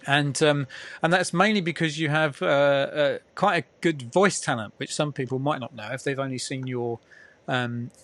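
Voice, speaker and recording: A man's voice: mid-range voice, steady tone, moderate pace, a bit bright. A man hosting a casual interview, chatty and rambling with plenty of fillers. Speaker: interviewer, host. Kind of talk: casual video-call interview.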